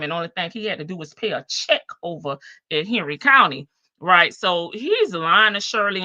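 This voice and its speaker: A woman's voice: fairly low pitch, pushed and bright, no echo, muffled recording. A woman hosting a live stream, giving sassy casual commentary on jail calls and answering chat. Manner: sassy, talks back to chat, laughs often.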